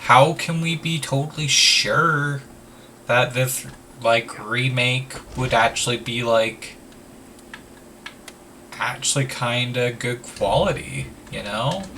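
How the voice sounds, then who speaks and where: A man talks slowly and loosely over a game, filling gaps with "like" and dropping casual swears. His voice is bright and a bit far from the mic, with a faint hiss underneath. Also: medium pitch. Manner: rambling, full of "like", swears casually. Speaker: let's play host. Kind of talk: casual gameplay commentary.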